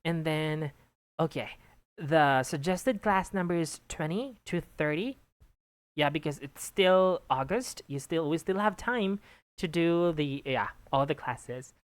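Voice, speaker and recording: A woman with a low voice gives patient, encouraging feedback in a one-on-one English lesson, checking in often with "okay". The sound is dry and close, with no room around it. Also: expressive, takes it slowly, no echo. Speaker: English tutor giving exam feedback.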